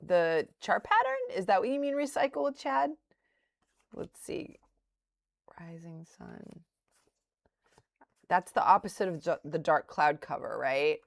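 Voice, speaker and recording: A middle-aged woman streaming live as a day trader, chatting with viewers and thinking aloud in a halting, self-correcting way. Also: fairly low pitch, big pitch swings, creaky, no echo, clean studio sound. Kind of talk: live-stream chat, answering viewer comments.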